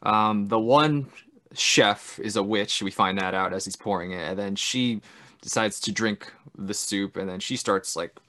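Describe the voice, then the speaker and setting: A man in casual podcast chat, retelling a film's plot with frequent laughs and quick character impressions. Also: lowish voice, pushed and bright. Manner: chatty, laughs often, mimics characters in big voices. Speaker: podcast co-host. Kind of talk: casual film recap chat.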